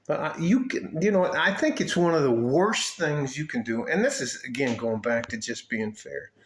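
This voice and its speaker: A man from Detroit telling a story in a casual vlog rant, swearing often and rambling with many fillers and restarts. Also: medium pitch. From Highland Park, Detroit. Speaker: vlogger.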